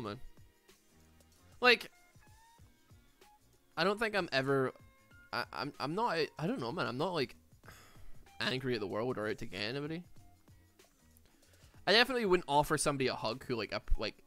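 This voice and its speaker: A man's voice: medium pitch, very animated, moderate pace, long pauses, pushed and bright, faint music behind. Rambling Glaswegian man chatting while gaming. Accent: Glaswegian Scottish. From Glasgow, Scotland. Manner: rambling, peppered with "like", "man" and "dude". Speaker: streamer. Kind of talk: casual chat while gaming.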